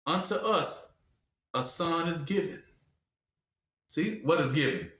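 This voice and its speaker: Lively male preacher, lots of pitch swing, prompts the congregation, in a roomy space. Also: slow pace. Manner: animated, acts out voices and asks the room to finish his sentences. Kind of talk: call-and-response sermon. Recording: echoey room.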